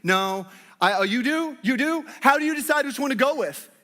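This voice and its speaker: A man's voice: very high-pitched, lively intonation, normal speed, pushed and bright. A man preaching a sermon, playful and joking with his congregation. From Northwest Arkansas, United States. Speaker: pastor. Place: church hall with congregation. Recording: long hall reverb.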